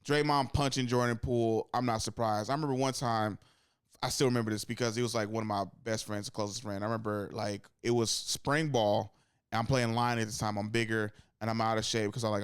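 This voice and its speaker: A young man co-hosting a casual sports podcast. He rambles and swears, and he acts out quotes in sudden higher bursts. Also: fairly even intonation, fast, smooth, no echo, studio quality. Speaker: podcast co-host.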